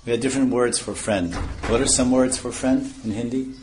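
A man's voice: mid-range voice, fairly even intonation, fairly quick, darkish tone, slight background noise. A man giving a scripture lecture as a spiritual teacher, explaining terms one by one and chuckling at his own points.

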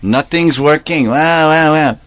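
A man telling a devotional story as a sermon, animated and playful, laughing often and adding joking asides. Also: on the high side, unhurried, no room sound.

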